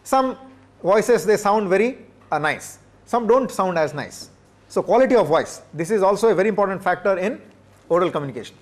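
A man's voice: high voice, expressive, brisk. A male professor, lecturing teachers, repeating points for emphasis and asking the audience rhetorical questions. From India.

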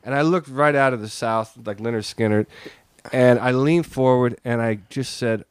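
A man's voice: medium pitch, moderate pace, smooth, dry recording. A man telling a long personal story as a guest on a podcast, acting out the lines he quotes. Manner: animated, acts out quoted lines. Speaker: interview guest. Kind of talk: casual storytelling in a podcast interview.

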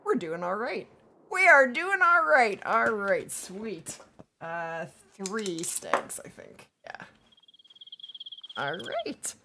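Woman game streamer, bright, bouncy, hoarse from talking, chatty and upbeat. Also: on the high side. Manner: upbeat, chatty, reads chat aloud, quick to laugh. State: losing her voice. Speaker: livestream gaming host. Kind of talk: casual livestream chat while playing.

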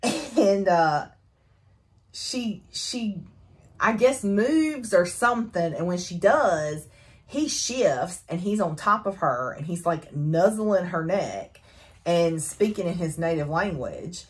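A woman chatting casually as she recaps a novel for her book review, animated and full of fillers and laughs. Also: on the low side, slow.

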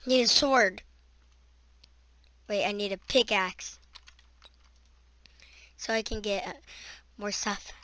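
A woman's voice: medium pitch, takes it slowly, long pauses, bright, forceful tone. A woman giving let's-play commentary as she plays, chattering to herself and breaking into shrieks and screams whenever monsters appear. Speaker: gaming channel host.

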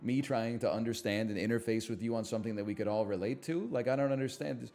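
A man's voice: mid-range voice, fast talker, a little mellow, faint music behind. A man streaming live, chatting casually in a sarcastic, mock-outraged way that swings into ranting.

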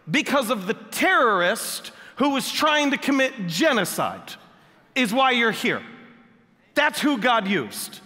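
Pastor guy preaching, jokey and animated, high bright voice, lots of hall echo. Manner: animated, joking and conversational. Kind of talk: sermon. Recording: long echoey hall reverb.

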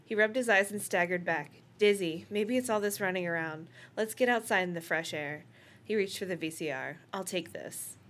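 A woman's voice: lowish voice, moderate pace, a bit bright. A woman co-hosting a podcast, reading a novel aloud and laughing between passages. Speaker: podcast co-host.

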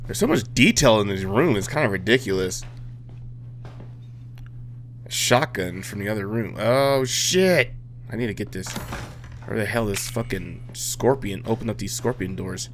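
Male gamer, lowish voice, wisecracking let's play commentary, quiet hiss behind. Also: lively intonation, moderate pace, long pauses. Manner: joking, swearing, talking to the game characters.

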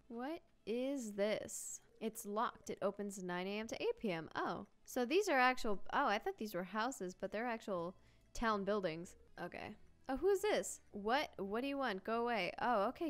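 Young woman, gaming host, chatty and excitable, mid-pitched, reads on-screen text aloud. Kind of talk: casual let's-play commentary.

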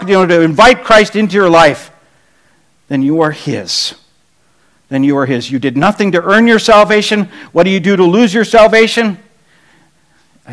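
A man's voice: high-pitched, a bit bright, low-quality recording. A middle-aged man preaching a sermon as pastor, conversational, with many rhetorical questions to the congregation.

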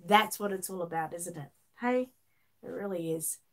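A woman's voice: lowish voice, normal speed. A middle-aged Australian woman hosting a casual livestream, reading out viewer comments and rambling through answers with lots of fillers and restarts. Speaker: livestream host.

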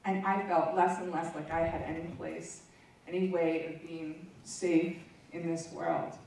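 A woman's voice: low voice, flat delivery, measured pace, a little mellow, slight background noise. A woman presenter giving a candid personal testimony to an audience, speaking in a frank, conversational storytelling way. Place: large meeting room. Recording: echoey room, voice from far off.

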